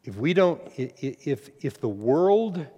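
A male pastor preaches a sermon in a fairly high voice. He pushes his points to loud, ringing peaks and then drops to low, confiding asides. The sound carries a long reverb, as in a large hall. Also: sing-song, measured pace, breathy edge, muffled recording.

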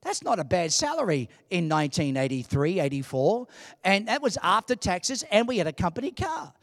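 High-voiced older man preaching a sermon. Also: moderate pace, no room sound. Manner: animated, humorous, emphatic preaching. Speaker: pastor. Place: church.

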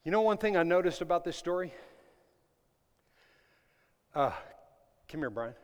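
A man preaching a sermon to his congregation, swinging between loud emphatic lines and hushed ones and asking them questions. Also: sits high, expressive, a little slow. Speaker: pastor. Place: church sanctuary. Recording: long reverb of a large hall.

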